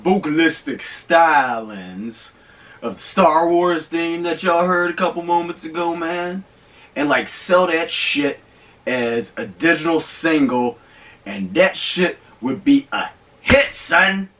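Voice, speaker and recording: High lively guy doing his movie review vlog, slangy and emphatic, mic a bit far off. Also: slow pace. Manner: animated and emphatic, slangy, stretches words for emphasis. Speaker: host of a movie review show.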